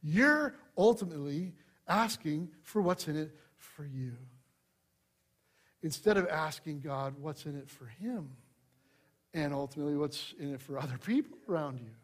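A man delivers a sermon in a fairly high voice. He leans hard into key phrases, then drops to quiet, confiding asides. His humor stays light and conversational. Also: normal speed. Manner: expressive preaching, swings from loud emphasis to hushed asides. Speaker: pastor.

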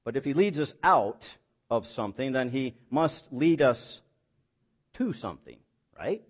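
A man's voice: medium pitch, big pitch swings, unhurried. A man preaching a sermon as pastor, building emphatic points with rhetorical questions and folksy, self-deprecating asides.

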